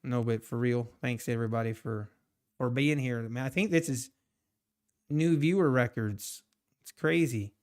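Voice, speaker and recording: Casual male trading streamer, mid pitch, rambly, laughs easily while reading chat. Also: moderate pace. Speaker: live-streaming day trader.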